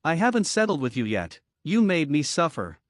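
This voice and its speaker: A man's voice: on the high side, very animated, normal speed, no room sound, clean studio sound. A man voicing a vain, greedy young woman who speaks sharply and scornfully in an audiobook story. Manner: sharp with derision. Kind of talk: audiobook narration with character dialogue.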